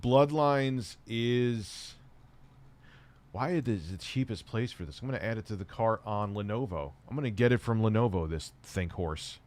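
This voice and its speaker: A man's voice: fairly low pitch, lively intonation, moderate pace, a little mellow. A middle-aged man live streaming, rambling casually and swearing while he reads chat and shops online.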